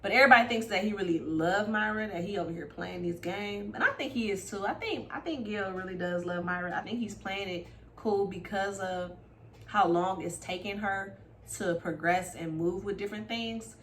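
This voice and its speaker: A woman with recapping a reality show in casual chat, animated and gossipy, jumping between loud exclamations and quiet asides. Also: mid-range voice, normal speed, background noise.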